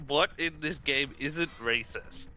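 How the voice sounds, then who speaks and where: A man's voice: fairly high pitch, slow pace, bright, forceful tone, dry recording. A man giving terse, dry remarks as a backseat co-commentator on a game. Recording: dull lo-fi line with faint clicking noise.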